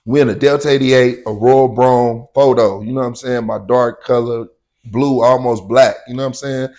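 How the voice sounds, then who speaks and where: Speaking in a mid-range voice with fairly even intonation and a moderate pace, a man recounts a personal story in slang. He keeps dropping "you know what I'm saying" and loudly acts out quotes by shouting them.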